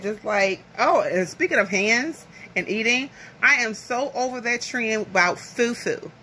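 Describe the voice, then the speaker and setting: A woman from the American South talks to her phone camera while eating lunch at home. Her voice is bright and forward, and she rambles from one thought to the next. Faint room noise sits behind her. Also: a little high, expressive, a little slow, few pauses. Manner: chatty, rambling, nervous laughter. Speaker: vlogger. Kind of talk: casual chat to camera.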